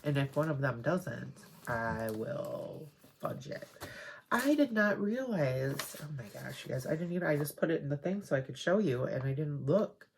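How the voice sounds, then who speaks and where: A woman hosting a crafting video, chatting casually and rambling excitedly as she shows off her haul. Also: low-pitched, moderate pace, a little hiss or hum. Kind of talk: casual show-and-tell haul.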